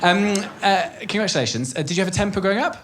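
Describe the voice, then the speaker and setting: On a comedy club stage before a live audience, a man from Wales in his thirties works the room with a chatty, profane stand-up routine. His voice sits high and a bit bright, with lively intonation and a fast delivery, and crowd noise comes through on the recording.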